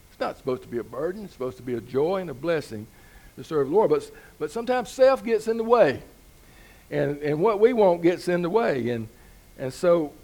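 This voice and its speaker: A man's voice: fairly high pitch, gravelly, darkish tone. A man preaching a sermon in a folksy, conversational way, building to emphatic peaks. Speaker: pastor.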